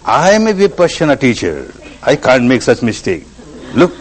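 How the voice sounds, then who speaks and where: A man's voice: medium pitch, very animated, normal speed, low-quality recording. A man giving a meditation talk, repeating phrases for emphasis as he tells an example story. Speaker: meditation teacher. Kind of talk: spiritual discourse.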